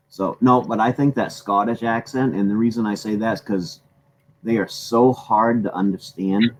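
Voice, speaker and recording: A man with a Maine accent hosting a casual chat show, folksy and rambling, often clearing his throat. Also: fairly low pitch, measured pace, long pauses, a little hiss or hum, poor audio. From Maine, USA. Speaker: host.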